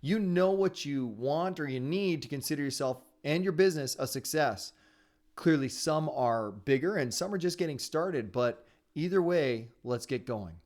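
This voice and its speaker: A man hosting a live online sales training webinar, talking fast in an upbeat, encouraging way. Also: on the high side, expressive, a little mellow. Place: his home area in Ontario.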